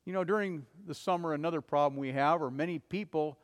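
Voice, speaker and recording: Male pastor, earnest sermon delivery with urgent swells, slightly higher voice, long hall reverb. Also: fast talker. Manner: earnest preaching, rising to urgent cries and dropping to soft, low passages.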